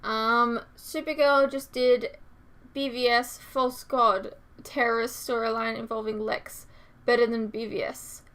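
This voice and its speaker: A woman's voice: on the high side, level tone, unhurried, a bit bright. A young woman hosting a reaction channel, chatting casually with many fillers and reading out viewer comments.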